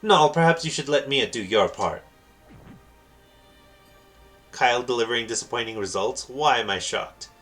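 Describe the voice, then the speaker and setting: A man's voice: mid-range voice, moderate pace, pauses often, a bit bright, faint music behind, lightly acted. A man doing a haughty young mage. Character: vain, pompous young male mage.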